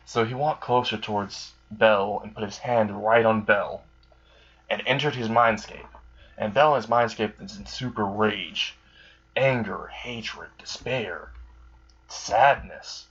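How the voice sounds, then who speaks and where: Husky man rambling through a story. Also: on the low side, a little slow, a bit bright. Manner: rambling, casual, with fillers and swearing. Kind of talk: improvised fan story narration. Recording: dull lo-fi recording.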